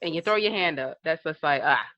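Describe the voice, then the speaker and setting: This woman's voice sits low and moves fairly quickly; the sound is lo-fi with no room sound. Co-hosting a relaxed podcast, she laughs often, acts out what people said and tells stories with energy.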